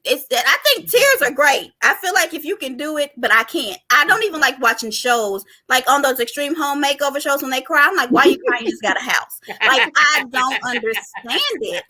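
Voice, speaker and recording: Woman host, casual chat, bright and slightly high voice, chatty. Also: lively intonation, moderate pace, hardly any pauses. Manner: chatty, addresses listeners as y'all. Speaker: podcast host.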